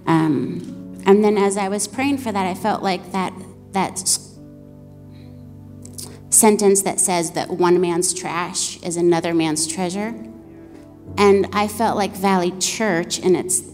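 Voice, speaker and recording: Woman sharing a word in a reverberant church. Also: lowish voice. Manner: halting, with many fillers and restarts. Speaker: guest speaker sharing a prophetic word. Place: church hall. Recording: echoey church hall with soft music.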